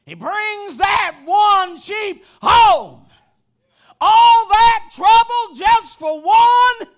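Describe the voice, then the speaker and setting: A man with a very high voice preaches a sermon at an unhurried, drawn-out pace. His delivery is impassioned and swells into shouting, and his voice breaks into a cry at the peaks. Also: animated.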